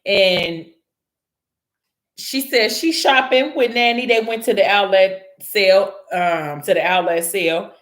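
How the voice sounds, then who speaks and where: A woman's voice: medium pitch, unhurried. Young woman retelling a story. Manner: animated, slangy, laughing asides. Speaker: book recap vlogger. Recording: roomy echo.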